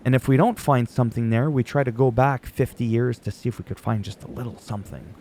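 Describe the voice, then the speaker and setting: A man's voice: medium pitch, quick pace, a little mellow, slight background noise. A man whose first language is French, ranting sarcastically and profanely as a YouTuber recapping wrestling. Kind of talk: ranting casual commentary.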